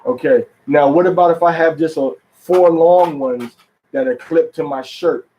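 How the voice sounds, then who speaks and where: A man giving an informal religious lesson at home, quizzing his listeners with questions, repeating key words and reading scripture aloud slowly, stressing each syllable. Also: fairly high pitch, muffled recording. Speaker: religious teacher.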